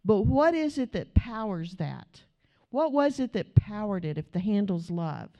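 A woman preaching a sermon to a congregation, telling a family story in a chatty, animated way and speaking straight to her listeners. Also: medium pitch, unhurried, muffled recording.

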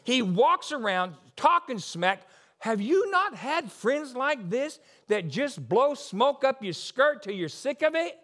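A man preaching a sermon in an emphatic, lively way, repeating key lines and adding asides. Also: extremely high pitch, slow pace. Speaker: pastor.

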